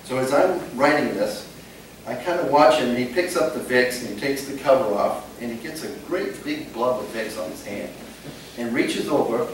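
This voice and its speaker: An older man spinning funny police yarns for a crowd, animated and chuckling between lines. He sounds far from the mic in a big, reverberant meeting hall, with a clear hum of room noise underneath. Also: mid-range voice, moderate pace. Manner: lively, laughing while telling anecdotes. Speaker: retired police officer, guest speaker. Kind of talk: humorous storytelling to an audience.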